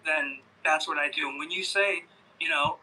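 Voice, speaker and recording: Bright-voiced man, rambling caller. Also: on the high side, fairly even intonation, normal speed, husky, poor audio. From Boston, Massachusetts. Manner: rambling, hesitant, profane ranting. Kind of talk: casual call-in chat. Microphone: computer microphone.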